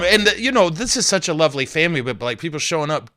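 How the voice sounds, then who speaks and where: A man's voice: on the high side, big pitch swings, fast, few pauses, bright, forceful tone, no room sound. A man, a Catholic priest, hosting a podcast in a casual, joking, rambling way with self-deprecating asides.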